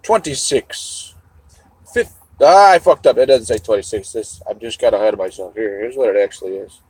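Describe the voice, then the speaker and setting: Husky man rambling on a livestream. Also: on the low side, normal speed, a little mellow, no echo, low-quality recording. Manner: rambling, swears casually, talks to chat while eating. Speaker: livestream host. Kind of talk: rambling live chat.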